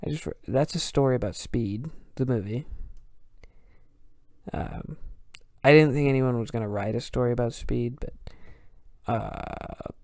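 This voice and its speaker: A man's voice: medium pitch, unhurried, long pauses, a little mellow, no echo, studio quality. A man hosting a reading of fan fiction, breaking off into casual, wry asides full of fillers. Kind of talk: reading a story with wry commentary.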